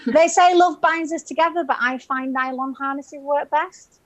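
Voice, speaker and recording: A UK woman in her forties performs stand-up over a video call, her voice sitting high at a moderate pace with the highs cut off. She's chatty and self-mocking, laughing at her own jokes.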